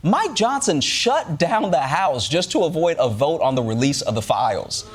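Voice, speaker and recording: Male comedy host, high voice full of swings, sarcastic punchlines, noisy recording. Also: big pitch swings, normal speed, faint music behind. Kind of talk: comedic monologue.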